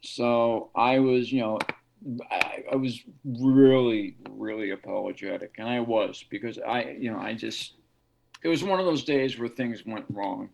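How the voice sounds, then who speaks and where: A man's voice: medium pitch, measured pace, gravelly, muffled recording, a little hiss or hum. A man, a guest guitarist, telling stories in a casual interview and acting out the voices of people he quotes. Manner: animated storyteller, acts out quoted voices.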